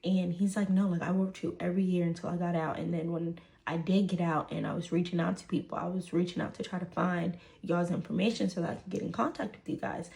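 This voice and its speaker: A woman's voice: on the low side, steady tone, fast, creaky, few pauses, a little mellow. A woman, casually telling a personal story full of fillers and "right?". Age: 20s.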